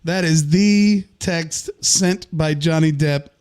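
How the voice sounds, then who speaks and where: A man's voice: fairly high pitch, slow, a little mellow, clean tone. Joking man co-hosting a podcast. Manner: joking, teasing banter. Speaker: podcast co-host. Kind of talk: casual livestream chat.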